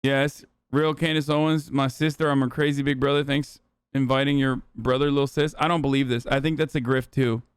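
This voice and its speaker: A man's voice: mid-range voice, level tone, brisk, few pauses, clear, resonant tone, no room sound, clean studio sound. A man hosting a political stream, reading headlines aloud with sarcastic, profane reactions. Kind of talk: live stream commentary.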